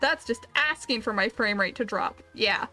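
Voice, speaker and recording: A woman's voice: fairly high pitch, lively intonation, normal speed, sharp tone, faint music behind. A woman streamer chatting casually while gaming, rambling and making self-deprecating jokes.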